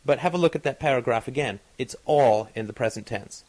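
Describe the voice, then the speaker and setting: A man's voice: medium pitch, a little fast, a little mellow. A man hosting a podcast in casual chat, talking in a discursive, analytical way with many fillers and restarts. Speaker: podcast host.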